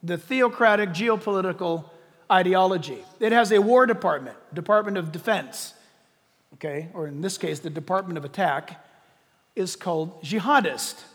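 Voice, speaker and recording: High-voiced emphatic preacher in a reverberant hall. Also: male voice, moderate pace, fairly bright tone. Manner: emphatic, repeats key words for stress. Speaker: pastor. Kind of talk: sermon.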